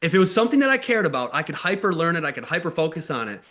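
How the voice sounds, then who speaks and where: Man from the US, thirties, casual candid storyteller, bright tense voice, video call. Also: on the high side, sing-song, very fast. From United States. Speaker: motivational speaker. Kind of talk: personal story told to an online call.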